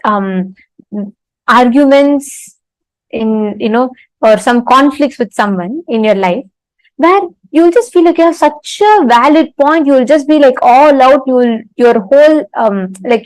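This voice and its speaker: A woman teaching an online spiritual session, speaking deliberately with fillers and asking the audience questions. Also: sits high, a little mellow, dry recording, low-quality recording.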